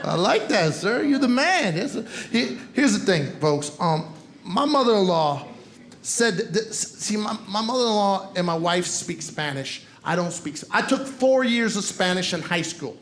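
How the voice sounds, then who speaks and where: Performing stand-up on a comedy club stage before a live audience, a man teases the crowd and speaks straight to them. His voice sits high and sounds expressive and fairly bright, moving at normal speed. The roomy live recording catches audience laughter and a little hiss or hum.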